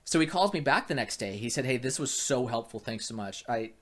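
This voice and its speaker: Animated man telling a story. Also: medium pitch, fairly quick. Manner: animated, acts out quoted dialogue with many restarts. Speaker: private investigator. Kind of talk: casual storytelling chat.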